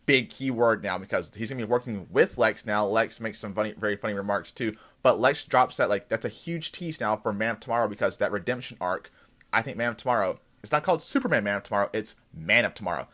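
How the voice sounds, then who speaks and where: A man hosts a TV after-show, recapping an episode in a casual, excited way and acting out the characters' lines as he goes. His voice sits fairly low, and he talks fast.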